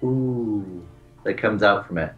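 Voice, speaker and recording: Male game master, lower voice, loose rambling scene descriptions. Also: measured pace, phone-quality sound. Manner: rambling descriptions with many fillers. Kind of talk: narrating a tabletop game.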